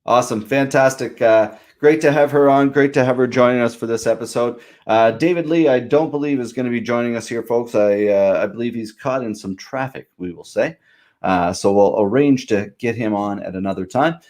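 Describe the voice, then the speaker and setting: A man hosting a casual interview podcast, upbeat and encouraging, talking quickly. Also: mid-range voice, a little mellow. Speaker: podcast host.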